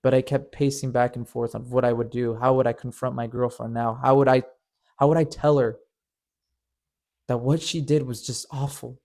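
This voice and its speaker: A man's voice: mid-range voice, fairly even intonation, normal speed, gravelly, darkish tone. A man narrating a painful personal story in an earnest, emotional way, often stammering and repeating words. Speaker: storyteller and channel host.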